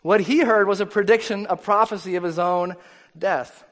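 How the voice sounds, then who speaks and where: A male pastor preaching a sermon in a conversational, animated storytelling way, often restarting his sentences. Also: high voice, moderate pace. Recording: long hall reverb.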